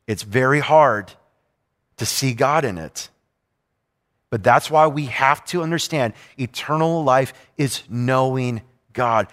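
A man's voice: medium pitch, a bit bright. A middle-aged male pastor preaching a sermon with emphatic, repetitive phrasing. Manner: emphatic, repetitive preaching with rising and falling intensity. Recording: long hall reverb.

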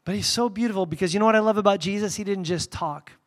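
A man delivers a sermon in a slightly high voice. He talks candidly and animatedly, telling stories with loud bursts. He then drops into quiet, reverent passages. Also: fast talker. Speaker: pastor.

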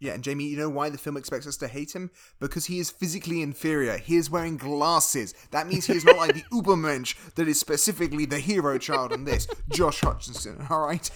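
A man's voice: fairly high pitch, brisk, hardly any pauses, a bit bright. A young man co-hosting a casual comedic chat over a remote call, spinning absurd rants in a mock-serious tone. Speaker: podcast co-host.

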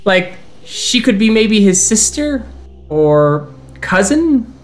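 A man narrating as storyteller of a tabletop role-playing game, voicing its characters in turn with halting restarts. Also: sits high, sing-song. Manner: plays many characters in quick turns, with halting restarts.

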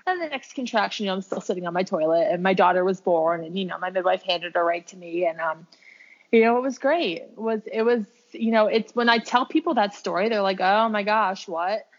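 A woman's voice: mid-range voice, brisk. A woman telling a personal story in a casual, chatty way, full of "like" and "um". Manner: chatty, heavy use of "like" and "um". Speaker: podcast guest sharing her birth story; birth worker with clients. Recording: dull lo-fi recording.

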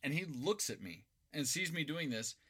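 A young Idaho podcast co-host from Boise tells rambling stories in a casual, laid-back chat loaded with swearing and laughs. His fairly high voice is very animated, pushed, and bright at normal speed, with a little hiss or hum in the audio.

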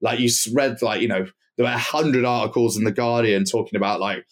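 A man's voice: mid-range voice, fairly even intonation, a little fast. A man telling a long story as a podcast guest, rambling with many fillers and restarts. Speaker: podcast guest, club night owner. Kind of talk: casual anecdotal storytelling.

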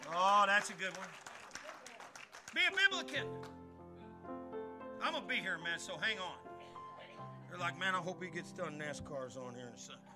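An older man preaching a sermon as pastor, emphatic and conversational, climbing into shouted peaks, with faint music behind. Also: high voice, expressive, normal speed, long pauses, a crowd in the background.

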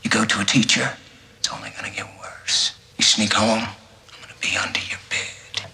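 A hissing high-school bully. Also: male voice, fairly even intonation, normal speed, creaky, sharp tone, whispered, full character voice. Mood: menacing. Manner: low threatening hiss. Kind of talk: film dialogue clip.

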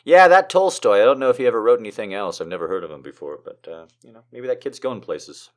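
A man's voice: lowish voice, expressive, quick pace. A man reading old letters aloud, then breaking off into chatty, wry, self-deprecating asides. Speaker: reader of historical letters. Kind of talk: casual read-aloud with joking asides.

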